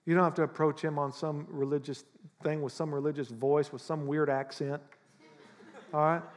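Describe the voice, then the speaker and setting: A man preaching a sermon as pastor, animated and conversational, often acting out how people pray. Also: on the high side, normal speed, long reverb tail. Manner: animated, acts out prayers in mock voices.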